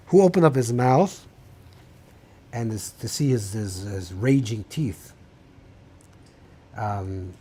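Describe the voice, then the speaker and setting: A man's voice: on the low side, slow pace, pauses often, dark tone, slight background noise. A man teaching a rabbinical class in an informal lecture style, thinking aloud with many restarts and mixing Hebrew terms into English.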